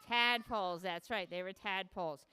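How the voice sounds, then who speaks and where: A woman's voice: mid-range voice, normal speed, sharp tone, clean tone. A woman animal educator leading a playful live show for children, asking the kids lots of questions as she presents animals in a public hall.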